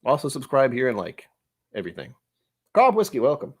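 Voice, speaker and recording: Male vlogger, casual tasting chat, self-deprecating asides, lively pitch. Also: a little fast, slightly rough. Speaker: whiskey vlogger.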